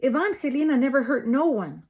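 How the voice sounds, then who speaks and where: A woman's voice: sits high, sing-song, moderate pace, mellow, voice pushed up. A woman voicing an anxious Mexican father who speaks urgently to protect his daughter.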